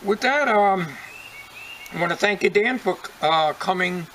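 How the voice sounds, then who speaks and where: Older man, bright high folksy voice. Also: animated, a little slow, a little hiss or hum, rough recording. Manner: folksy, rambling, chuckling. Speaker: channel host. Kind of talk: casual chat to viewers.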